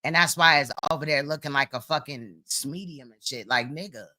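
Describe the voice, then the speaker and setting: A woman's voice: low-pitched, a little fast, pushed and bright. Blunt mocking woman commentator. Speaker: commentary streamer reacting to a clip. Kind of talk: casual reaction commentary.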